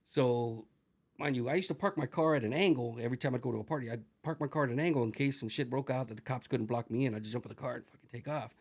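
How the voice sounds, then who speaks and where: A man's voice: medium pitch, fast, gravelly, a little mellow. A middle-aged man, a retired corrections officer, telling rambling, profane stories as an interview guest. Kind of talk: casual storytelling.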